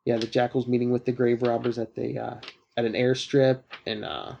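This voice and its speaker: Mellow-voiced man recapping comics casually. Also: mid-range voice, fairly even intonation, normal speed, creaky, muffled recording, slight background noise. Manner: rambling with frequent uh fillers. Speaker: podcast host.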